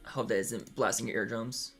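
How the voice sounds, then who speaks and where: A man's voice: fairly low pitch, steady tone, brisk, gravelly, fairly bright tone, soft background music. A young man, chatting casually to a live stream audience in a hesitant, filler-heavy way with nervous laughter.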